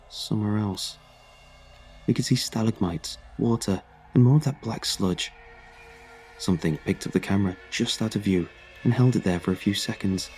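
Male horror narrator, very low, mellow tone, faint music under. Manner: measured, dramatic storytelling. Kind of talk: scripted horror story narration.

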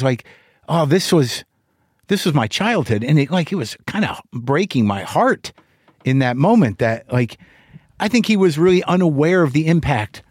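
This middle-aged male podcast host has a somewhat high, slightly mellow voice, recorded at studio quality with no echo. In a casual monologue he tells a candid story, rambling and swearing and restarting often.

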